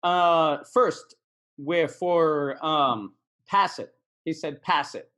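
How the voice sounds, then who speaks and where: English teacher repeating phrases. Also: male voice, a little high, very slow, fairly bright tone. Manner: friendly, repeats words for practice. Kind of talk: casual video lesson.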